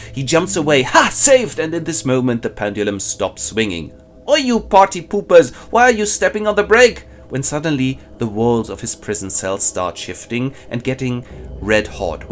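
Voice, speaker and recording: A man presenting a comic summary of a classic story in a wry, lively storytelling manner. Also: mid-range voice. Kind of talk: comic literature summary narration.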